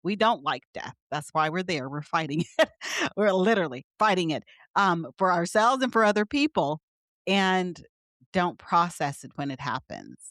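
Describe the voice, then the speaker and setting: A woman's voice: on the low side, expressive, moderate pace, a bit bright, no room sound, studio quality. A middle-aged woman, a physician guest, explaining ideas earnestly in conversation with light laughs. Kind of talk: conversational interview.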